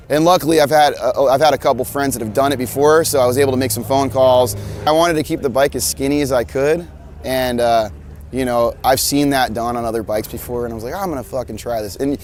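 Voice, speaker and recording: A man's voice: mid-range voice, a little mellow, a little hiss or hum. A man from Alabama, a motorcycle builder talking casually in an interview, laid-back and swearing freely with frequent restarts. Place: outdoors at a motorcycle show.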